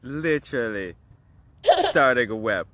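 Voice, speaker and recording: A man's voice: medium pitch, huge pitch swings, measured pace, a bit bright, no echo. Amused man vlogging, frequent laughs. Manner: laughing often, amused, slangy. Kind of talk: casual vlog chat. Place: indoors in an office.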